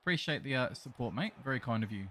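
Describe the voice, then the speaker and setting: A man's voice: mid-range voice, animated, fast talker, fairly bright tone. An Australian man live streaming a game, chatting casually and greeting his viewers as mate and bro. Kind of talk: casual chat reading live chat while gaming.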